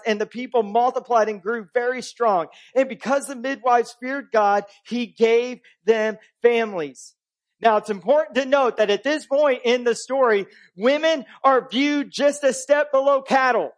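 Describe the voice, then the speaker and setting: A pastor preaching a conversational sermon, swinging between emphatic and hushed delivery. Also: male voice, extremely high pitch.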